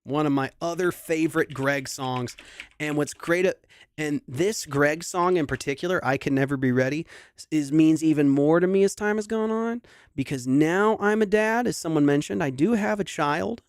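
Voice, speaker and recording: A young adult singer hosting a livestream concert chats casually, rambling through a sentimental story with many restarts. His voice is smooth and fairly high at a moderate pace, captured dry with studio quality.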